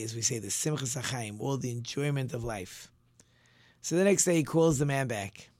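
A rabbi hosts his show and tells a moral tale in an animated way, often stumbling and restarting. His voice sits at a middling pitch for a man. The recording is dry and close. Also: dry recording. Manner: animated storyteller with frequent restarts. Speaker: rabbi and radio show host. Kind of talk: storytelling sermon on a talk show.

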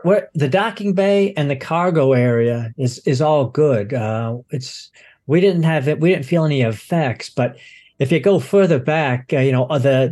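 A man voicing a flustered woman dock supervisor who rambles, halting on fillers. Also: a little high, dark tone, voice pushed up, natural voice.

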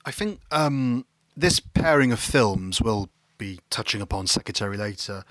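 Film podcast co-host, English man, wry and meandering, bright voice. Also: lowish voice, animated, moderate pace, no echo, studio quality. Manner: rambling, self-correcting, wry. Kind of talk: casual film discussion.

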